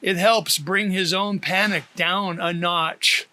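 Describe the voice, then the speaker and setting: A man reading his own novel aloud as an audiobook, in a steady, plain storytelling manner. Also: high-pitched, slow pace. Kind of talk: audiobook narration.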